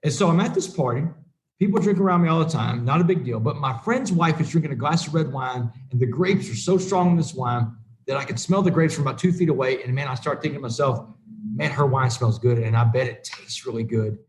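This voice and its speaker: A man's voice: mid-range voice, brisk. A middle-aged man telling his recovery story to a group, earnest and plain-spoken, acting out the conversations he recalls. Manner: earnest storytelling, acts out quoted dialogue. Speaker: recovery speaker. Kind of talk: personal recovery talk to a group.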